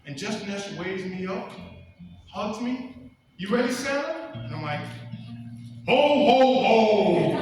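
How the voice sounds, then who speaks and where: A man telling a personal story on stage, animated and acting out voices, with audience laughter. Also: very high voice. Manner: animated, acts out voices and shouts. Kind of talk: live storytelling performance. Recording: roomy hall miked from a distance.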